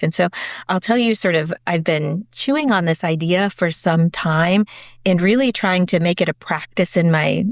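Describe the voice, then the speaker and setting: A woman in her forties, a podcast guest, telling stories in a chatty, animated way with many "like"s and "sort of"s. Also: lowish voice, dry recording, studio quality. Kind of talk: conversational storytelling.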